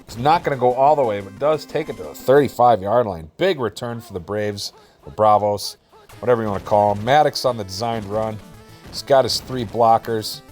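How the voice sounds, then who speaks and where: A man doing relaxed, jokey play-by-play commentary over a video football game, with self-deprecating asides. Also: fairly low pitch, normal speed, soft background music.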